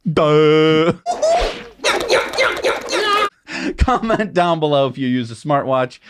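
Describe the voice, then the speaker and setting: A man's voice: medium pitch, lively intonation, moderate pace, very noisy. A man co-hosting a news show in casual chat, explaining things with everyday comparisons. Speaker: co-host.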